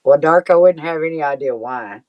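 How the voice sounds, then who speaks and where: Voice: medium pitch, normal speed, no echo. A co-host on a casual live stream who chimes in with short remarks and laughs often. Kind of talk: casual chat. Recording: muffled lo-fi remote audio.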